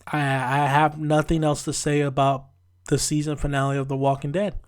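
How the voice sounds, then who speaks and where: A man's voice: on the high side, completely flat delivery, moderate pace, clean tone. A man reviewing a TV episode in a casual, frustrated rant with frequent restarts. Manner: frustrated, ranting, with many restarts. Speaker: TV show reviewer.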